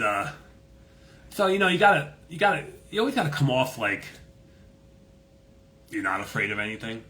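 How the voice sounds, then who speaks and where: A man's voice: mid-range voice, bright, forceful tone, a little hiss or hum. A man hosting a casual chat, telling a story in a profane, swaggering way and acting out the people in it. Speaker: host.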